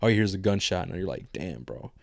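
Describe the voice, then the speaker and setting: A man's voice: low-pitched, expressive, racing, dry recording, clean studio sound. A man co-hosting a podcast in casual chat, rambling in slang and retelling scenes with quoted lines. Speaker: podcast co-host.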